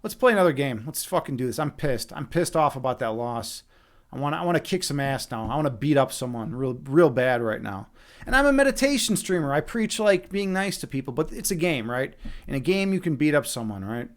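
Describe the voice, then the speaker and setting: A young Chicago streamer with a Chicago accent commentates live on his own chess games in a mid-range, slightly fast voice. He's animated, swears freely, and talks to chat as he plays.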